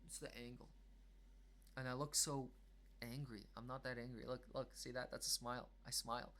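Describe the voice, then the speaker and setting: A man's voice: mid-range voice, flat delivery, brisk, pushed and bright. Rambling, self-conscious man at home. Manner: rambling, self-conscious, many fillers and restarts; reflective, reassuring. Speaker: vlogger. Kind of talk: casual rambling monologue to camera. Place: at home indoors.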